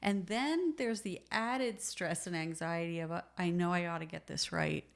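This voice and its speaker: A woman's voice: fairly low pitch, moderate pace, creaky. A middle-aged woman co-hosting a podcast, chatting in an affirming, conversational way. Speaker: podcast co-host.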